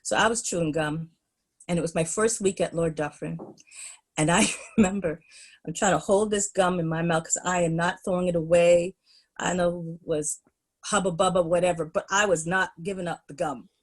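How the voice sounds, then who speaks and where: A middle-aged woman, a podcast guest, telling school stories in an animated, laughing way. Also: fairly low pitch, normal speed. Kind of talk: storytelling in a podcast interview.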